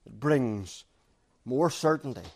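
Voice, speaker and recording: A man preaching a sermon, repeating key phrases for emphasis and moving from loud stresses to quiet, intimate asides. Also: mid-range voice, animated, slow.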